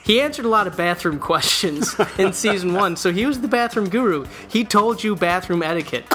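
A man's voice: sits high, lively intonation, fairly quick, pushed and bright, slight background noise. A man co-hosting a casual sports podcast, rambling and correcting himself as he talks and chuckling often. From American Midwest. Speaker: podcast co-host.

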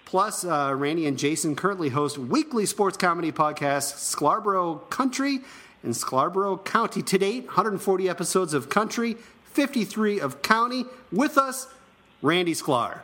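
Chatty podcast co-host, fairly high voice. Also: male voice, expressive, moderate pace, a bit bright. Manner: reads introductions, laughs often. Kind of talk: casual podcast chat.

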